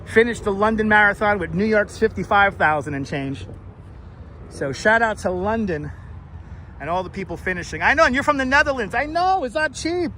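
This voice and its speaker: Out on the street, a male live-streamer and tour guide chats casually into a wireless clip-on mic. His voice is high with a sharp tone at a moderate pace, and there's slight background noise. He's loose and talkative, swearing and laughing often.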